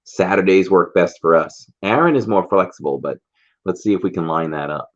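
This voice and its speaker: A man's voice: sits low, normal speed, highs cut off. A man hosting a casual livestream chat, reading out viewer comments and greeting viewers by name. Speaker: livestream host.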